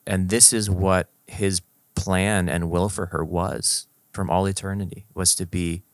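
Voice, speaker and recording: A man with a low, deep voice speaks slowly and thoughtfully in a casual faith conversation. The sound is close and dry, with no room echo. He pauses and restarts as he searches for the right words. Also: steady tone. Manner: reflective, unhurried, searching for words.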